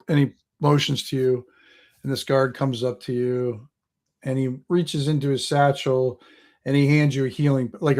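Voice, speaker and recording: A man narrating as game master in a tabletop game, in a relaxed, rambling way with fillers. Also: medium pitch.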